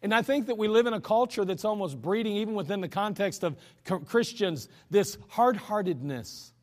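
Male pastor with a high voice, folksy and emphatic sermon delivery, long hall reverb. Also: animated, moderate pace. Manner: folksy, chuckling asides, emphatic scripture reading.

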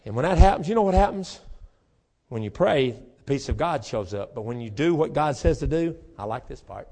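A man preaching a sermon as pastor, moving between quiet, conversational talk and fervent, shouted rhythmic passages. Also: fairly high pitch, very animated, a little fast. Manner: repetitive, rhythmic preaching cadence.

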